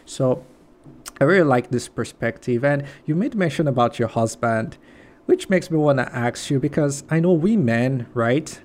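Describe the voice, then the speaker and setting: A man's voice: mid-range voice, lively intonation, moderate pace, darkish tone. A man hosting a faith-centered podcast interview, talking reflectively and often saying "like" as he thinks aloud. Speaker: podcast host. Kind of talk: conversational interview.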